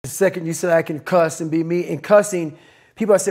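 High-pitched, blunt, profane man. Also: fairly even intonation, moderate pace, darkish tone. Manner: repeats short punchy commands. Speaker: podcast guest. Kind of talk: motivational interview talk.

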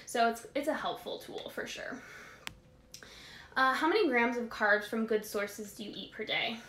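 A woman's voice: fairly high pitch, moderate pace, pushed and bright, echoey room, slight background noise. A young woman wellness coach answering viewer questions in a casual live Q&A, chatty and emphatic with many fillers.

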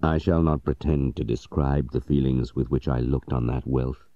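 A man narrating a story audiobook in a measured, even storytelling manner. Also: very deep voice, no room sound, lo-fi sound.

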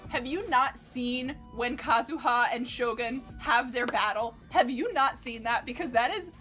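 A woman streaming a game, giving casual, animated commentary and cursing at the enemies. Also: a little high, unhurried. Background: game music and sounds.

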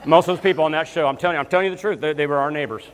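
A man preaching as a guest minister, telling comic stories and breaking into loud shouts of praise. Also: fairly high pitch, racing. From Alabama, US South. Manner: storytelling with bursts of shouting praise. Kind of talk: lively comedic sermon. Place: church sanctuary. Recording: long church hall reverb.

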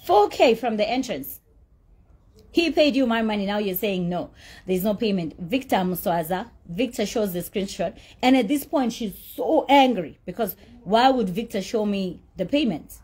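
A woman's voice: medium pitch, lively intonation, normal speed, a little mellow, slightly rough. A woman telling her side of a dispute in a blunt, profane, indignant rant. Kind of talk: heated storytelling rant.

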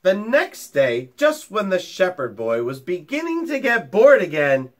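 Man, teacher, storytime read-aloud, slow, lively pitch, chatty asides. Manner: animated, chatty asides to young children. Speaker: teacher reading a picture book to children.

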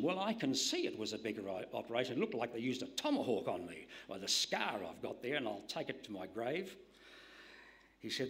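A man preaching a sermon in an emphatic style, dropping to hushed whispers to stress a point. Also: on the low side, big pitch swings, moderate pace.

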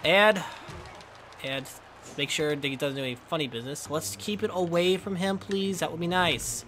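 A young man playing a baseball video game and calling the action play by play, breaking into shouts and laughter on big hits. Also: a little high, normal speed, faint music behind. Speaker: gameplay commentator.

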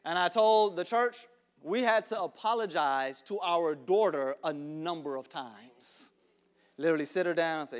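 A man pastor preaching a sermon, dropping to hushed whispers and rising to shouts, repeating words for emphasis. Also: on the high side, normal speed. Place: church sanctuary.

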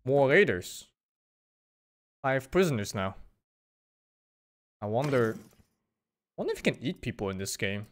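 A man streaming a game, reacting in excited and sweary outbursts as he plays. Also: mid-range voice, a little slow, long pauses. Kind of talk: live gameplay commentary.

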